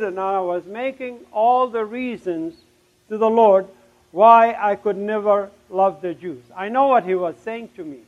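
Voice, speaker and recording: A middle-aged man from Palestine giving an emotional testimony sermon, his voice surging loud on key words. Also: high-pitched, a little slow, highs cut off.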